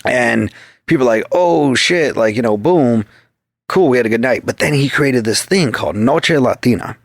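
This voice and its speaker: Here a podcast guest of medium pitch and lively intonation tells profane, casual stories at a normal speed. He curses constantly and acts out quoted back-and-forth, with clean studio sound and no room sound.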